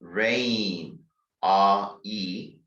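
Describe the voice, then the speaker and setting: Male English teacher, Korean accent, slow and deliberate, spells words letter by letter; distant echoey lo-fi room sound. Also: on the low side, a bit bright, a little hiss or hum. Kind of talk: grammar lecture.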